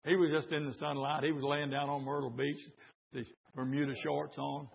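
Raspy preacher shouting his sermon. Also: fairly high pitch, flat delivery, moderate pace. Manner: builds to shouted preaching cadence, hoarse climaxes. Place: church with congregation. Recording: lo-fi recording in an echoey church.

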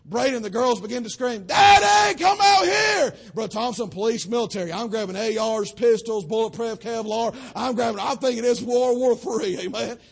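Young male pastor, husky and raspy, fiery preaching cadence. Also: fairly even intonation, brisk, few pauses. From western North Carolina. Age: young adult. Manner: preaching cadence, swelling to shouts then dropping low. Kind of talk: sermon.

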